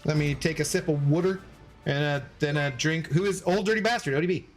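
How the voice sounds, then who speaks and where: A man's voice: on the high side, a little fast, faint music behind. A man chatting casually on a gaming livestream, laughing often, swearing loosely and thanking viewers by name. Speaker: streamer.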